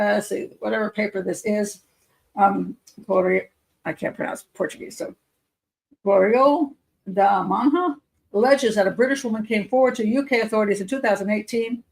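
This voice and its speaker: Gravelly woman reading and commenting. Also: a little high, low-quality recording. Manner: skeptical, muttering asides and self-corrections. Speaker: criminal profiler hosting a live show. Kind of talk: reading news aloud with running commentary.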